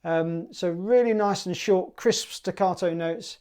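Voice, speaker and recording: A man with a British accent teaching a clarinet piece in a relaxed, chatty way, sometimes singing the rhythms in syllables. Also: high voice, measured pace, clean tone. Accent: British English. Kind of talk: relaxed music tutorial.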